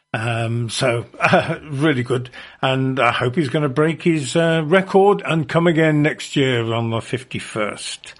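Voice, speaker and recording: Male folk radio host, unhurried, hesitant delivery, many fillers, mid-pitched voice. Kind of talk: casual radio presenting.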